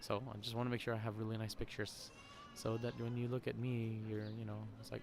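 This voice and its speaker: A man's voice: mid-range voice, steady tone, fast talker, noisy background. A man hosting a podcast, talking casually and rambling at an outdoor shopping center, laughing often. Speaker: podcast host. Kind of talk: casual vlog monologue. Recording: faint crowd ambience outdoors.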